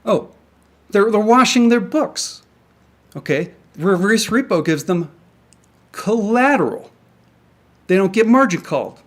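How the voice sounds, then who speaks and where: Young man, angry solo rant, swearing, stumbling restarts, slightly high voice. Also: sing-song, unhurried, pauses often. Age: young adult. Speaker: independent crypto commentator. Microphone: camera mic.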